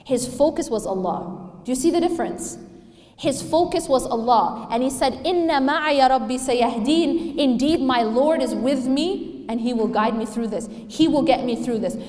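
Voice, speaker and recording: An Islamic speaker, a woman, gives a religious talk to a live audience, speaking emphatically and putting questions to them. Her voice is a little high, animated and mellow at a moderate pace, recorded in an echoey hall with long reverb.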